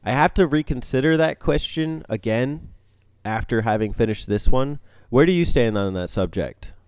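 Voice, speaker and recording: A man co-hosting a gaming podcast, talking in a relaxed, rambling way with plenty of fillers. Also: mid-range voice, moderate pace, smooth, no echo, clean studio sound. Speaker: podcast co-host. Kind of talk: casual gaming podcast chat.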